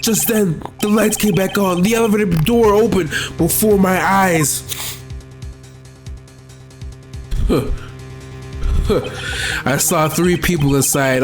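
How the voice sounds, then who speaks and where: A man voicing an arrogant older male prosecutor, a vengeful villain who shouts in rage and recounts his crime slowly. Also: a little high, close to an everyday voice. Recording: game music playing behind.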